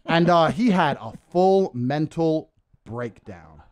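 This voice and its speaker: A man from England telling a story on a podcast, boastful and animated, laughing often. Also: on the high side, slow pace. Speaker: guest.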